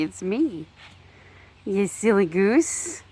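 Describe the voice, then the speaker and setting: A woman's voice: medium pitch, big pitch swings, very slow, pauses often, darkish tone, a little hiss or hum. A woman filming her chickens outdoors in a backyard, talking to them in cooing, affectionate baby talk with frequent laughter, recorded on a handheld phone. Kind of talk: casual vlog narration.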